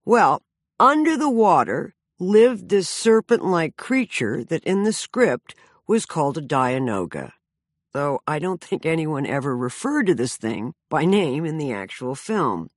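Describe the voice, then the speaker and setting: A woman's voice: deep voice, very animated, a little slow, no echo. A woman around sixty narrating her own memoir with dry, self-mocking humor.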